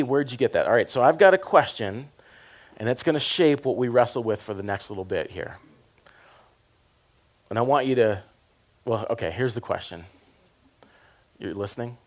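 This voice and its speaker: A man from the South, preaching a sermon in a conversational, jokey way, dropping to quiet asides and rising to loud emphasis. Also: medium pitch. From American South. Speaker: pastor.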